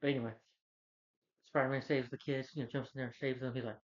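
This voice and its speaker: A man's voice: medium pitch, little pitch movement, fast, dull audio. A man giving a casual, rambling, enthusiastic film review, retelling the plot.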